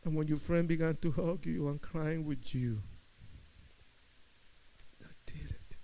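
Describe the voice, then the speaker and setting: Gravelly impassioned preacher man. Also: fairly high pitch, moderate pace. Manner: impassioned, swinging from hushed to shouting. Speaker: preacher giving testimony. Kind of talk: sermon testimony.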